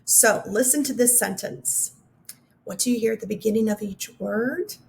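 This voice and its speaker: A woman teaching a phonics lesson to young children, sounding out letter sounds slowly and clearly. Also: on the high side, a little mellow, a little hiss or hum.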